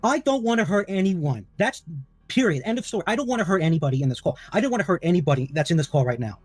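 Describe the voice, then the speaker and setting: A man's voice: high-pitched, animated, fast talker, a little mellow, dry recording, soft background music. A man on a group voice call, heated and defensive, insisting on his honesty. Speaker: caller defending himself.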